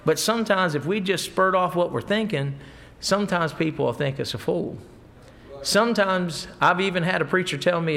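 A man's voice: sits high, moderate pace, vocal fry, a bit bright. A middle-aged man preaching a folksy sermon, mixing scripture with stories. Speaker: pastor.

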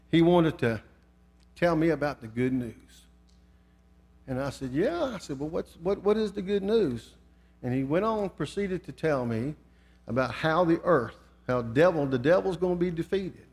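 An older man preaching a sermon, telling a folksy story and reading scripture with rising fervor. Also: a little high. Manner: storytelling, rising to fervent emphasis.

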